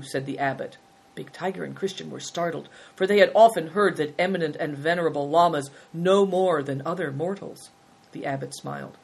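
A woman narrating a children's storybook in a measured, gentle reading style, with a breathy voice. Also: low-pitched, steady tone.

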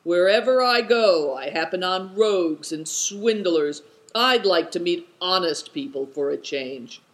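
A gruff, suspicious man from a storybook, put on by the reader. He growls his words sulkily, and the pitch still moves a good deal. It is a read-aloud adventure tale. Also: animated, normal speed, natural voice. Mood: grumbling. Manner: growling, sulky. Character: gruff sulky adult man, grumbling and suspicious. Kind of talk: storybook character voice.

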